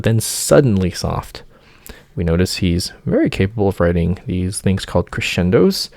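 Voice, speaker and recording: Low gravelly man explaining music. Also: lively intonation, moderate pace, a little mellow, no room sound, clean studio sound. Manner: sings motifs with nonsense syllables, hesitant with many fillers. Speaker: music theory teacher. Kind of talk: informal music analysis lecture.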